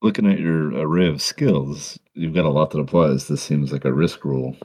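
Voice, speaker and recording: A man running a tabletop game as game master, relaxed and descriptive. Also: extremely low pitch, normal speed.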